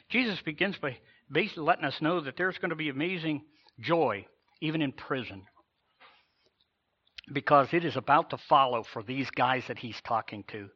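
Male pastor, mid-pitched, preaching with drawn-out emphasis; slightly dull recording. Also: husky. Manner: emphatic preaching with dramatic slow pauses and pitch swells. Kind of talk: sermon.

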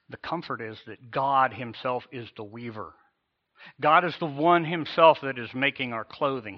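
A man delivering a sermon as pastor, emphatic, with slow dramatic pauses and rising swells. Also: mid-range voice, muffled recording.

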